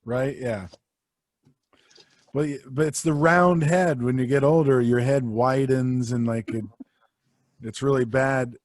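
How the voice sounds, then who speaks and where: A man's voice: medium pitch, a little slow. A young man in easy podcast banter who jokes around and breaks into sung snippets. The sound is dry and close, with no room echo. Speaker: podcast co-host. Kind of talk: casual chat.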